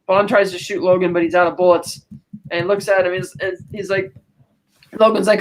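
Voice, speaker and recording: A woman's voice: on the low side, flat delivery, normal speed, slight background noise. A woman co-hosting a podcast, retelling a film's plot casually with many fillers and restarts. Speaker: podcast co-host. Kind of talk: casual film recap.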